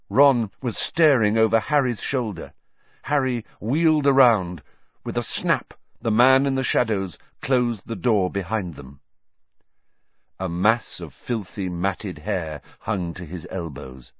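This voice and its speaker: A man reading a story aloud in a dramatic, measured audiobook style. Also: lowish voice, no echo, dull audio. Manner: dramatic, measured, varied delivery. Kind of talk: audiobook narration.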